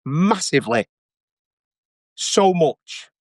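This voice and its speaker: Brief: a man in his forties, raw and sincere, slightly high voice, dry recording. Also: very animated, very slow, no echo. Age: 40s. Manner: earnest, emotional, repeats phrases. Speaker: guest. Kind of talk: candid interview.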